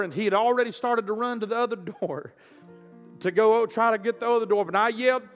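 A man preaching a storytelling sermon, impassioned and surging from quiet to loud. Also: high-pitched, a little fast. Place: church auditorium. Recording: reverberant hall with soft music.

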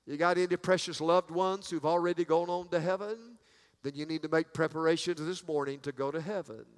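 A man's voice: a little high, brisk. A man preaching a sermon in a church, folksy and emphatic, stumbling into frequent restarts, with long reverb. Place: church sanctuary.

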